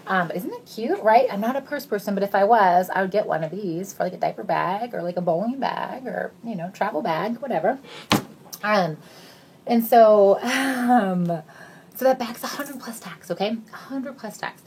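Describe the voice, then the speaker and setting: A woman in her thirties giving an emotional recruitment pitch, earnest and gushing, near tears at times, swinging between excited highs and hushed near-whispers. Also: normal speed, slight background noise. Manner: earnest and gushing, says "you guys" a lot, voice rising and dropping to near whispers. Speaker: sales recruiter.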